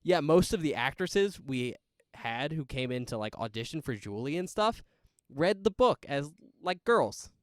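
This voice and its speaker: A man co-hosting a casual podcast about a horror film, talking in a chatty, animated way and laughing often. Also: a little high, unhurried, no echo, studio quality. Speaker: podcast co-host. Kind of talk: casual movie chat.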